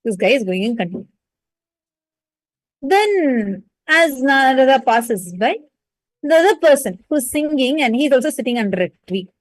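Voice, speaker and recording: A woman telling a devotional story as a spiritual teacher, animated and addressing listeners directly. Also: sits high, moderate pace, dry recording, rough recording.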